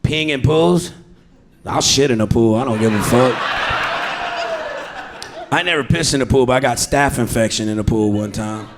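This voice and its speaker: A man with a drawl riffs off audience suggestions in improvised stand-up, his voice at an ordinary middle pitch. He talks crude and rowdy, chuckling through his punchlines on a club stage mic. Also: normal speed, long pauses, background noise. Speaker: stand-up comedian. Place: comedy club stage before a live audience.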